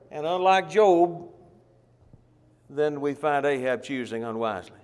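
A man's voice: a little high, lively intonation, measured pace, in a large hall. A man preaching a sermon, telling a Bible story in a folksy way and acting out the characters' voices. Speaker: pastor.

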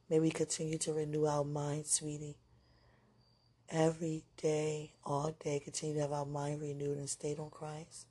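A woman's voice: low-pitched, vocal fry, warm tone, husky. A woman hosting a spiritual podcast, speaking to a loved one in a gushing, giggly, rambling way, full of "you know"s. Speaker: podcast host.

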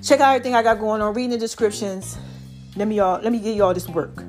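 A woman's voice: medium pitch, quick pace, faint music behind. A woman hosting a casual inspirational podcast, chatty and preachy, talking to her listeners and a bit out of breath. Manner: chatty, preachy, animated with lots of y'all and child. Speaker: podcast host.

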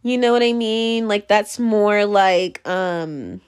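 A woman's voice: mid-range voice, slow, smooth, dry recording, studio quality. A young woman talking casually to camera in a rambling monologue, full of fillers, restarts and sudden swings.

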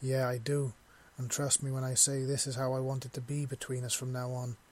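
A man voicing a devoted, affectionate young human man, talking softly in a husky voice. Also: medium pitch, completely flat delivery, a little fast, lightly acted. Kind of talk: audio story reading.

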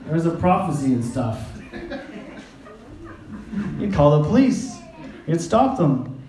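A man's voice: fairly high pitch, very animated, slow, dark tone, reverberant, low-quality recording. A male pastor giving a sermon in a loose, conversational way, joking, laughing often and briefly acting out the people in his stories.

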